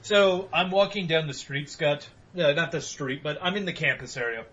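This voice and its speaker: A man's voice: fairly high pitch, moderate pace, fairly bright tone, dull audio. A young man hosting a podcast, telling rambling, profane stories in casual chat with bursts of laughter. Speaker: podcast host.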